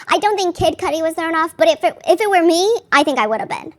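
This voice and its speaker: A woman's voice: extremely high pitch, expressive, brisk. A woman podcast host giving casual, chatty commentary on a court case, full of "like" fillers and candid asides.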